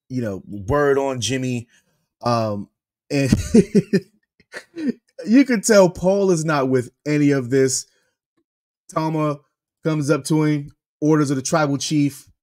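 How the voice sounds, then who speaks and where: Animated man with a higher voice. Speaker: wrestling review co-host. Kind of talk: casual podcast chat.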